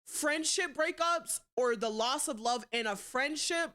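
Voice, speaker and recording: A young woman streaming live, chatting casually and bluntly, swearing a lot and swinging between loud outbursts and quieter asides. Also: high voice, a little slow. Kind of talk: casual livestream chat.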